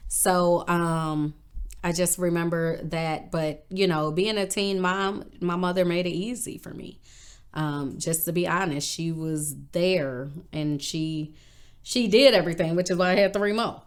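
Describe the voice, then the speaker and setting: A woman from northern Illinois recounting her life in a relaxed interview, sitting a little lower in pitch than most women. She tells her stories with animation and leaps up in pitch when she acts out what people said. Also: unhurried, clean tone. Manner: animated, acts out quoted voices with big pitch jumps. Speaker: interview guest. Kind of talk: casual interview storytelling.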